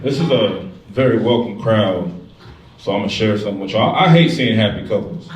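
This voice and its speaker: A man doing a stand-up comedy set, telling stories in a profane, animated way. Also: lowish voice, brisk, heavy background noise. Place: comedy club stage. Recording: echoey club, distant mic, loud crowd. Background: crowd laughter.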